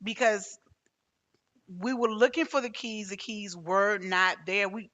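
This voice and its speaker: A woman's voice: mid-range voice, fairly even intonation, measured pace, a bit bright, dull audio. A woman hosting a podcast interview, talking casually and hesitantly, with many restarts as she tells a personal story. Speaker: podcast host.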